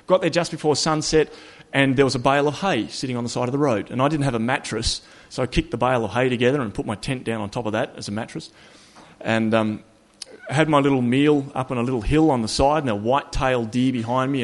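Man telling a wry walking story. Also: medium pitch. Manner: conversational, relaxed, with wry humor and self-corrections. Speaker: speaker recounting a long walk. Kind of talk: casual personal storytelling.

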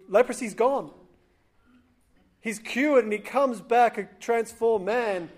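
A man with a fairly high voice preaching in a relaxed, conversational way. He tells a scripture story and slips into the voices of its people as he goes. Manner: acts out quoted voices, conversational. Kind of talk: sermon storytelling.

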